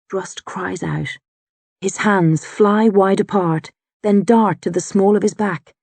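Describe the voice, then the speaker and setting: A woman narrating a fantasy audiobook in the first person, tense and measured. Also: mid-range voice, warm tone, husky, dry recording.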